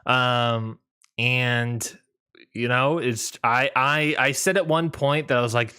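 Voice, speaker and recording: Bright-voiced young man telling a story. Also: mid-range voice, unhurried, clean tone. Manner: rambling, laughs often. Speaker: podcast co-host. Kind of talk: casual chat, storytelling.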